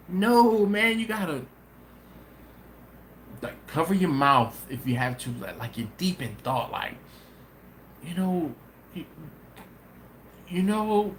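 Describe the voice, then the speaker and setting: Laughing, animated man chatting live. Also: high voice, slow, long pauses, slight background noise. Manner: laughs often, animated storytelling, slangy. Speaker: host of a barbecue channel live stream. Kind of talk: casual live-stream chat, reading viewer comments aloud.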